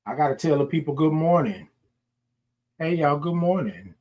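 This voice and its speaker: Casting: Southern Texan man, morning-show host, folksy repeat-heavy chat, voice sits a bit high. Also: expressive, moderate pace, highs cut off. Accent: Southern US, Texas. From Houston, Texas. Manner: folksy, repeats himself, greets viewers by name. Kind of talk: casual livestream chat.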